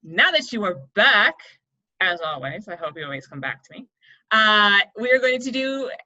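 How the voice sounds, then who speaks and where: Very animated at a medium pitch and a moderate pace, a young woman with a pushed, bright voice coaches kids through poetry online. She's encouraging, goes step by step, and keeps checking in with "right?" and "okay?" The recording is dull and lo-fi.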